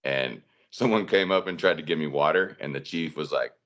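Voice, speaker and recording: A man's voice: rumbling low, moderate pace, fairly bright tone, muffled recording. A man telling personal stories in a casual podcast chat, rambling with many fillers.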